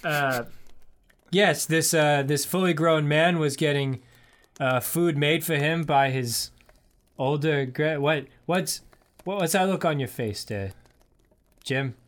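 A grumpy old man who rambles about his younger days and grumbles about how the world has changed, put on by a man on a podcast. He keeps drifting off into long, wandering stories. He sits a little high in pitch. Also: slow pace, long pauses, fairly bright tone. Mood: grumbling. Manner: cranky rambling reminiscing. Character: grumpy forgetful old grandpa in a nursing home.

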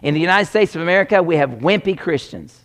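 A man preaching a sermon, animated and joking as he talks straight to the congregation. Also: a little high, fast talker.

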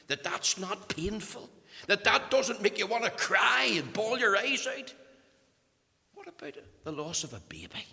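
A man preaching with passion, his voice gravelly and lively as it rises and falls. He drops to near-whispers and then swells again. A long reverb hangs behind him, as in a large church. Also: high-pitched, moderate pace. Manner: impassioned, swinging from hushed to loud, repeating words when emphatic. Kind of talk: sermon.

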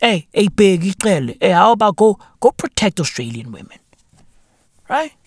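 A man's voice: high-pitched, very animated, moderate pace, dry recording, clean studio sound. A man hosting a profane satirical comedy monologue, sarcastic and drawling, slipping into asides. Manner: drawling, sarcastic, heavy swearing, drops to whispers. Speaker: comedy podcast host.

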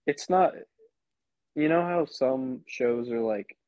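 A man's voice: medium pitch, takes it slowly, a little mellow, dry recording, muffled recording. A young man co-hosting a podcast, chatting casually and rambling as he retells scenes. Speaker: podcast co-host. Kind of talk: casual chat.

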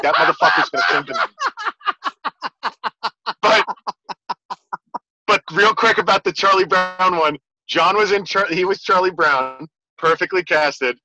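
A man's voice: sits high, bright, forceful tone, lo-fi sound. A man in casual chat, telling rambling stories and laughing as he goes. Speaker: podcast guest.

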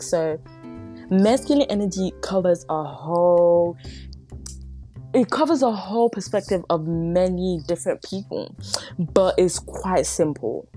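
A young woman hosting a casual podcast from home, rambling, giggling and tripping over her words, with no microphone nearby. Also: fairly low pitch. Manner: giggly, self-deprecating, stumbling over words. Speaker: podcast host. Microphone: no microphone nearby, phone or device. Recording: unedited home recording with faint music. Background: pop music playing softly.

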